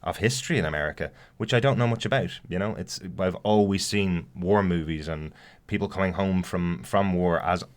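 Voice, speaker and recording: A man's voice: low voice, normal speed. A man co-hosting a podcast, chatting casually about a TV episode with frequent fillers and restarts. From outside the US. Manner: hesitant, many fillers and restarts. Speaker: podcast co-host. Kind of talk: casual TV review chat.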